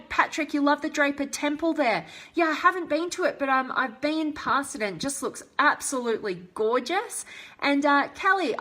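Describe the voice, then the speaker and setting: A woman hosting a live stream as a motivational coach, warmly answering viewer comments in a heartfelt, enthusiastic way. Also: sits high.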